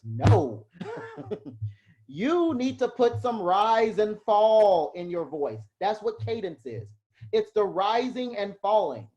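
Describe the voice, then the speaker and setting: A man giving a casual lecture to a live class on heraldry, chatty and self-deprecating, quick to laugh at himself. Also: high-pitched, lively intonation, dark tone, dull audio.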